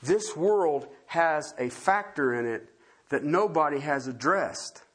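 Man, preacher, sermon, folksy and emphatic, lively swooping pitch, husky tone. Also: slow. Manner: folksy, emphatic, rhetorical questions.

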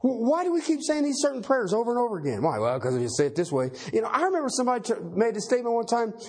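Very high-voiced husky male preacher. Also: huge pitch swings, very fast, darkish tone. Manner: emphatic, repeats key phrases, folksy. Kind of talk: sermon.

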